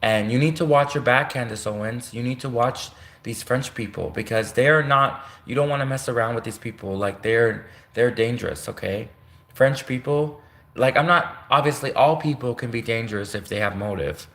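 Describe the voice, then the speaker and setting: A man's voice: mid-range voice, normal speed, fairly bright tone. A man from Canada rambling on a livestream, correcting himself as he goes. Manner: rambling, self-correcting, addresses a public figure directly.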